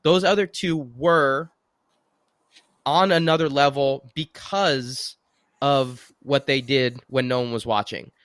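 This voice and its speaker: Man, podcast host, animated storytelling, smooth clear voice, dry close sound. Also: medium pitch, slow, dry recording. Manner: lively, animated storyteller who acts out quotes. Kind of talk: casual storytelling.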